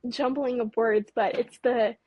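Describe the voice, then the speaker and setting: A woman in her late twenties from California, a guest recounting a frightening experience in a halting, shaky voice, stumbling over words and apologizing. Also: on the high side, darkish tone, slightly rough, dry recording, poor audio. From California, Mojave Desert. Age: late 20s. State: nervous, voice trembling. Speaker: guest, UFO researcher.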